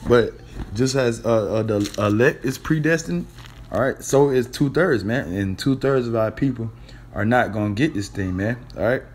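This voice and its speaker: A man's voice: mid-range voice, darkish tone. A man giving an informal sermon, talking in loose street slang with swearing, hesitating a lot and tagging many phrases with "man" and "all right?". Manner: blunt street slang with profanity; halting, frequent "uh" and repeated words. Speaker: preacher.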